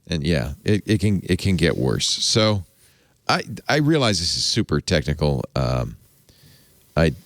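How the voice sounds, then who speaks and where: A man's voice: deep voice, sing-song, measured pace, no echo, clean studio sound. A man hosting a tech podcast, talking casually and rambling, often correcting himself and chuckling. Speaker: podcast host.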